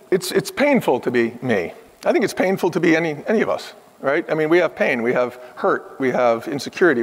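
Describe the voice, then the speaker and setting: A man in his fifties, a guest on a podcast, telling stories earnestly and with emphasis in a conversational interview. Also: on the high side. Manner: earnest, emphatic storytelling that acts out the people he quotes. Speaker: podcast guest, former restaurant chief executive. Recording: long hall reverb.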